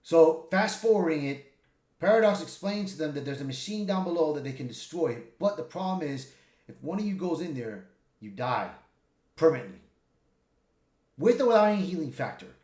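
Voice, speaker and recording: Animated man retelling a movie. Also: normal speed, roomy sound. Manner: animated retelling with loud, high character impressions. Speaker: movie reviewer. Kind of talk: casual spoken movie recap.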